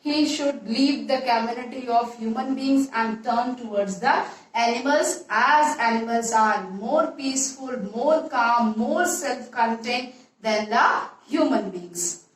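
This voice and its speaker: Woman, teacher, slow repetitive explaining, very echoey room. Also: fairly high pitch. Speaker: English teacher. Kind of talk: classroom poetry lesson. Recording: echoey room, voice far from mic.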